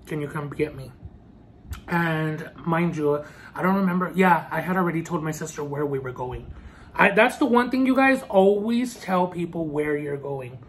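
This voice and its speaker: A man vlogging a personal storytime as he eats, earnest and halting, with many restarts. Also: on the high side, expressive, a little hiss or hum. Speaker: food vlogger. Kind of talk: storytime while eating.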